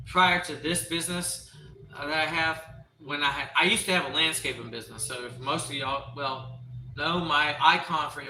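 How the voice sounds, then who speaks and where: A man hosting a casual livestream with a bright, slightly high voice. He rambles, trips over restarts and reads search results aloud. He sounds roomy and a little away from the mic, with faint music behind. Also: recorded from a distance, a little hiss or hum. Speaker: livestream host.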